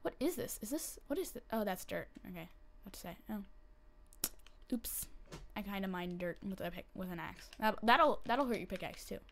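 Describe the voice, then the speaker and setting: A woman giving casual commentary while she plays a game, chatty and excitable, breaking into panicky squeals and repeated pleas when things go wrong. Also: mid-range voice, normal speed, creaky, a little hiss or hum. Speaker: gameplay commentator.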